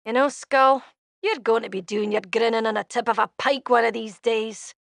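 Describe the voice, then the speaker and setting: A prickly, gravelly young fiendish thief. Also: female voice, on the high side, fairly even intonation, moderate pace, no room sound, clean studio sound. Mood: scornful. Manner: blunt, threatening, sharp-tongued. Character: prickly young female tiefling thief with a tail. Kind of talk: video game dialogue.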